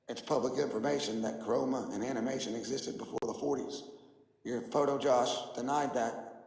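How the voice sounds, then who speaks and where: A man's voice: medium pitch, vocal fry, a little mellow, echoey room, long reverb tail, rough recording. A man giving a combative, mocking livestream rant, his voice worn out. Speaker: flat earth streamer. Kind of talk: ranting livestream monologue.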